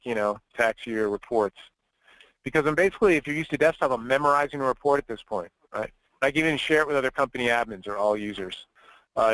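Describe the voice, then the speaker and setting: A man talks through a software demo in a loose, conversational way, filling his steps with "you know" and "um." His voice sits at an ordinary middle pitch, and the recording is dry and close, with no room sound around it. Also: no echo, low-quality recording. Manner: casual, chatty, many fillers. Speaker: software trainer. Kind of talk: screen-share software walkthrough.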